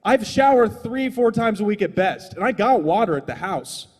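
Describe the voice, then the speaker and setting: A man's voice: high-pitched, expressive, moderate pace, breathy edge, long reverb tail. A young adult man doing a stand-up comedy set on a small stage, rambling and profane in a loose, conversational way.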